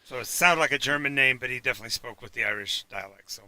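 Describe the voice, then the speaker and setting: A man narrating a tabletop game as game master, halting often with fillers and restarts. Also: mid-range voice, pushed and bright, smooth. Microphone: home mic for a live stream.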